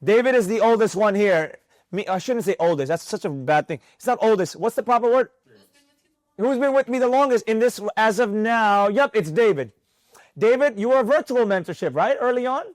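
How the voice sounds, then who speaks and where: A man teaching a live mentorship class on trading, talking in an animated, preachy way and repeating himself for emphasis, with students in the room. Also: high voice, fairly quick, dry recording.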